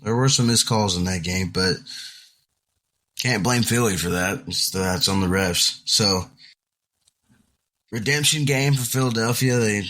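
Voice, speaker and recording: A man co-hosting a sports podcast, calmly breaking down games in a casual chat. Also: fairly low pitch, measured pace, pauses often. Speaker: podcast co-host.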